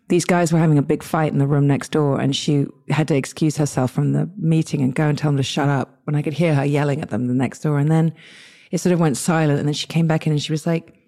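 A woman with an English accent talks in a low voice with a warm, soft tone. She tells her stories casually and with energy. She often breaks off and starts her sentences again, and she acts out the people she quotes. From England. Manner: lively, chatty, many restarts and quoted asides. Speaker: guest. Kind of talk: casual interview storytelling.

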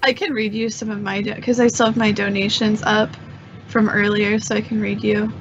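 A woman's voice: mid-range voice, little pitch movement, normal speed, a little hiss or hum. A woman guest on a live online show, joining by call and chatting in a playful, giggly way. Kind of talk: casual live-stream banter. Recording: dull lo-fi remote call audio.

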